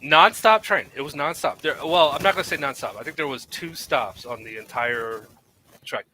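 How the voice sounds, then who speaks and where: A man's voice: a little high, normal speed, pushed and bright, slight background noise. A man hosting a live stream, chatting casually with friendly, teasing asides. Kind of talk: casual chat.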